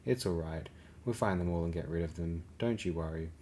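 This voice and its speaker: A man reading the lines of a princess and young mother, speaking softly and soothingly. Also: deep voice, steady tone, a little fast, a little hiss or hum, lightly acted. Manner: soft, soothing tone. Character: young mother princess, gentle with her baby.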